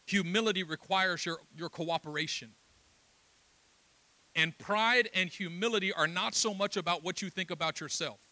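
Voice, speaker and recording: A man's voice: high voice, normal speed, bright, forceful tone, no room sound. A middle-aged man preaching a sermon with passion, telling stories and acting out dialogue. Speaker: pastor.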